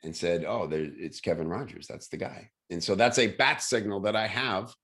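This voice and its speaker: Enthusiastic deep-voiced male host. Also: expressive, moderate pace, a bit bright. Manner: enthusiastic, rambling with fillers. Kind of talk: casual video-call chat. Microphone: video call.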